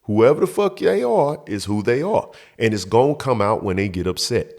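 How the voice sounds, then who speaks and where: A man's voice: mid-range voice, animated, normal speed, a little mellow. A man hosting his show, telling a story from his youth in a profane, emphatic way, acting out the scene. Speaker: show host. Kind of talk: storytelling monologue.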